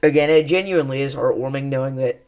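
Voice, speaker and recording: A man's voice: medium pitch, quick pace, a little mellow, slight background noise. A young man hosting a weather livestream, chatting casually, rambling and thanking viewers. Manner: rambling, thankful, laughs with co-hosts.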